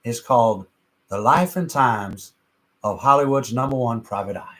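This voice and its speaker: A man's voice: medium pitch, moderate pace, a bit bright. A man co-hosting a casual livestream, telling stories with lots of fillers. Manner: chatty storyteller with many fillers. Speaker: livestream co-host. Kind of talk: casual chat.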